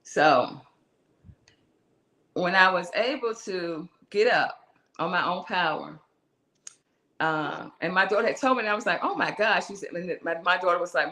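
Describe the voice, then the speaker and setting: A middle-aged woman, a musician guesting on an interview, tells a story from her life in a relaxed, conversational style full of restarts and asides. Her voice is fairly low and her pace measured, with frequent pauses, and she animatedly performs the voices of the people involved.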